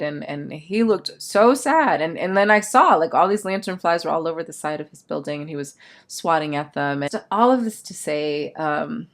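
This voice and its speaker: A woman's voice: low voice, expressive, normal speed. A woman talking as a change management coach in a candid, self-reflective personal vlog, thinking aloud.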